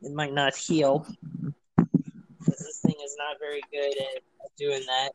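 Easygoing sports podcast host, dry sound. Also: male voice, fairly high pitch, monotone, no echo, rough recording. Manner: easygoing, many "uh" pauses. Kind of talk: casual sports chat. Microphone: computer on a remote call.

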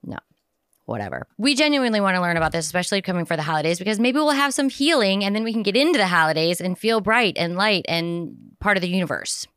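A woman's voice: medium pitch, animated, fast, a bit bright, smooth, dry recording, studio quality. A woman co-hosting a podcast in casual chat, rambling and jokey, sometimes slipping into silly voices. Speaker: podcast co-host.

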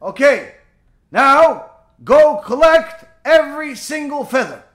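A man's voice: extremely high pitch, big pitch swings, takes it slowly, a bit bright, voice pushed up, heavily acted. A man voicing a wise old sage who patiently instructs a student step by step. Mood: knowing. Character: calm, wise old male sage teaching a lesson.

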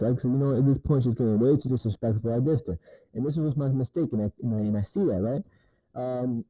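A man tells a story in a loose, rambling rant, swearing freely and checking in with the listener again and again. His voice is very dark and mellow, and the sound is close and dry. The delivery is casual and unscripted. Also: medium pitch, dry recording, poor audio. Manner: rambling and profane, with many repeated "right?" tags. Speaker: podcaster.

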